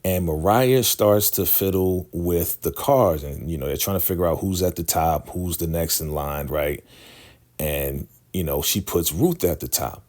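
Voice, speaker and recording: Very deep-voiced man recapping an episode. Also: a little slow, a little mellow. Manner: loose and chatty, full of "you know" and "right?". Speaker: TV recap host.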